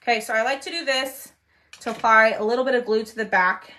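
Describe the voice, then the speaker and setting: Woman, craft livestream host, chatty, talks to viewers, trails off when focused, crisp bright tone. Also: a little high, brisk. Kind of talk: casual craft livestream chat.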